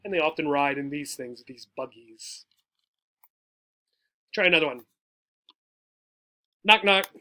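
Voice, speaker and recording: High, bright-voiced male teacher. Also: slow pace, pauses often. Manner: patient, explanatory, keeps checking in with "right?". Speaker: adult education teacher. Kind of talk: explaining jokes to English learners.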